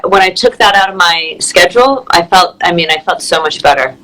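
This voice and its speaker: A woman's voice: lowish voice, lively intonation, fairly quick, a bit bright, low-quality recording. A woman with an American accent hosting a video call chat, agreeable and chatty. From United States. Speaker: host.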